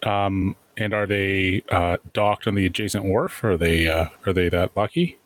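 A man's voice: deep voice, normal speed. A man taking part as a player in a tabletop game, speaking hesitantly with many fillers. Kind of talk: casual chat in a tabletop game.

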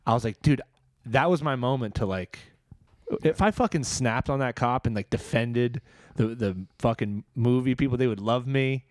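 A man's voice: medium pitch, moderate pace, no room sound, studio quality. A man telling a long, rambling story in casual chat, swearing freely.

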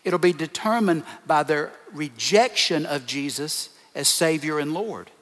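In a large hall with long reverb, a male pastor delivers a forceful sermon, piling on brief repeated phrases. His voice is a little high and fairly bright, and he keeps a measured pace.

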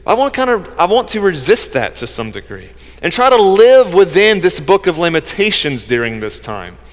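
A man preaching a sermon as pastor, conversational, swinging between emphatic lines and hushed asides. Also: sits high, sing-song, moderate pace, in a large hall. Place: church sanctuary.

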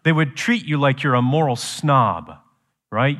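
A man preaching a sermon as pastor, shifting from quiet explanation to loud, slow, emphatic lines. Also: mid-range voice, animated, long reverb tail.

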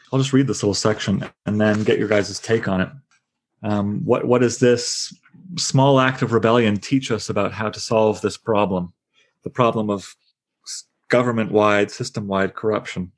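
A man with a lowish voice leads a book discussion for a podcast. He muses out loud, poses questions to the group and reads passages from the text. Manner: reflective, asks questions, reads passages aloud. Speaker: discussion leader.

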